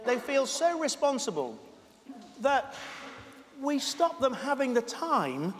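Chatty, high-voiced male pastor. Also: fairly bright tone. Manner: chatty, joking, eating while speaking. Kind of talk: informal sermon. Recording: reverberant hall, faint noise.

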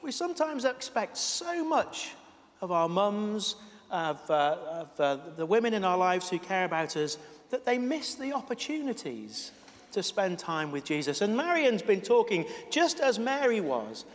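A man's voice: sits high, big pitch swings, unhurried. A man pastor giving an informal, chatty sermon with jokes, talking while eating. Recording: reverberant hall, faint noise.

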